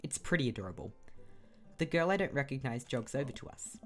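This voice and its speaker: A woman's voice: a bass voice, lively intonation, a little fast, faint music behind. A woman with an Australian accent reading a video game aloud, with wry asides. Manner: wry asides, reads all parts. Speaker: game streamer.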